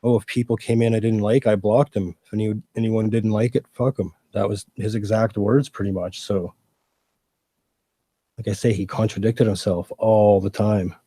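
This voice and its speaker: A man co-hosting a livestream in casual chat, calmly explaining things in a matter-of-fact way. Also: fairly low pitch, moderate pace, breathy edge, dry recording.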